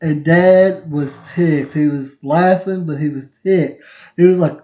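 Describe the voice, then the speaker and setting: A man's voice: on the high side, a little slow, dark tone. Rambling young man in a roomy space. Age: 20s. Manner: rambling, laughing, repeats himself. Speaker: podcast host. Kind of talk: casual storytelling on a livestream. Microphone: phone livestream. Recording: roomy, dull lo-fi livestream sound.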